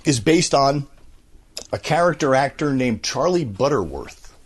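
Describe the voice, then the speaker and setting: Breathless man with a lively voice. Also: medium pitch, a little slow, breathy edge. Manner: animated, rambling storyteller who slips into impressions. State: out of breath, recovering from a cold. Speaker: voice actor and radio host. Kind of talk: casual interview chat. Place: at home, walking around.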